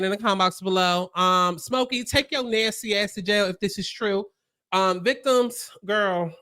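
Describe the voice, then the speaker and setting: A woman's voice: medium pitch, sharp tone, dry recording, clean studio sound. A woman hosting an opinionated pop-culture commentary, talking bluntly and emphatically with plenty of profanity. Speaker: commentary host.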